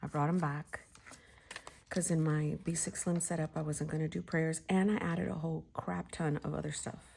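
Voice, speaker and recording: A gravelly, low voice with a level tone and moderate pace belongs to a planner vlogger in her forties. She chats and giggles casually while crafting, now and then sinking to a soft whisper.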